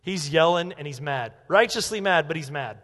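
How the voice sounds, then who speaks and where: At a moderate pace, a high-voiced pastor preaches with energy and emphasis, dipping low and then rising into loud proclamations. A long reverb from the church sanctuary hangs on his voice.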